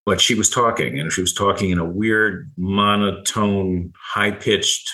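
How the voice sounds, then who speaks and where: A middle-aged man recounting a personal story in conversation, halting and repeating words, with small chuckles. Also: sits low, fairly even intonation, pushed and bright, poor audio. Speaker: guest.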